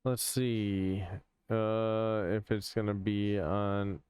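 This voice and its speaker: A man with a lowish voice speaks slowly and patiently as a podcast co-host, laying things out step by step. His voice is very clear and crisp, recorded dry and close to the mic. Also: flat delivery, darkish tone, no room sound. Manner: slow, measured, explains things patiently. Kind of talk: casual chat.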